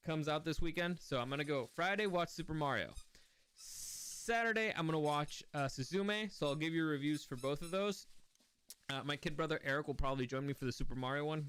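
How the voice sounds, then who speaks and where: Clear-voiced man rambling through a review. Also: fairly high pitch, a bit bright. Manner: rambling and easily sidetracked, with many restarts. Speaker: movie reviewer and channel host. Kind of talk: casual spoken film review.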